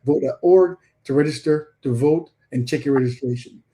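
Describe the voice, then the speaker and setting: A man's voice: medium pitch, moderate pace, mellow, a little hiss or hum, poor audio. A man co-hosting a casual podcast, earnestly urging listeners to get out and vote. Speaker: co-host.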